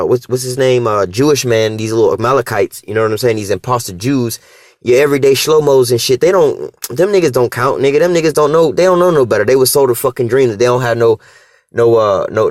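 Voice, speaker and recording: A man giving casual, heated commentary in street slang, swinging between calm explanation and animated emphasis, with many fillers and restarts. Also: no echo, studio quality. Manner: animated, profane street slang, acts out dialogue; restarts and fillers, rising pitch when emphatic. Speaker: religious commentator.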